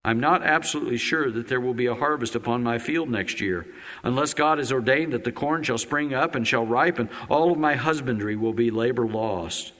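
A man preaching a sermon as the pastor of a church, reading a long quotation and then speaking in his own words, with sharp swings of pitch and loudness. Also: a little fast, big-room sound. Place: church sanctuary.

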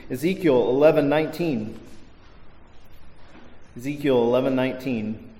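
A man's voice: medium pitch, moderate pace, mellow. A male pastor preaching a sermon to a congregation, stressing key words with emphasis. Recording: echoey hall reverb.

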